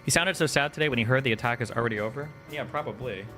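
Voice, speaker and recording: A man's voice: medium pitch, very fast, sharp tone, faint music behind. A young man ranting in live-stream commentary, heated and profane, with lots of fillers as he reads and reacts to chat. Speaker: political streamer.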